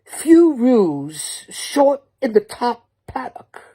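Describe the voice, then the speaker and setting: A brash, cartoonish Australian bloke , done as a man's comic impression, pitched well above the speaker's normal voice. The tone is husky and mocking, and the broad delivery makes it clear the accent is put on. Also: sing-song, drawn-out words, mellow, heavily acted. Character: bragging Australian bloke, male adult, brash.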